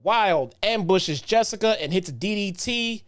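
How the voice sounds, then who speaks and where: A man with a slightly high voice talks through wrestling matches in a loose, unhurried recap. He circles back on his own phrases and leans on casual fillers. The tone stays easygoing and chatty. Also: animated, fairly bright tone. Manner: laid-back, frequent "um" and "man", repeats himself. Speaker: wrestling show reviewer.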